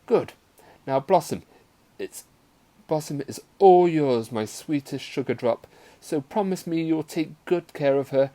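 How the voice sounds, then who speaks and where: A man's voice: a little high, unhurried, mellow, voice pushed up, close to an everyday voice. A man reading a story aloud, voicing a doting mother who gushes over her daughter. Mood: gushing. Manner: gushing, syrupy.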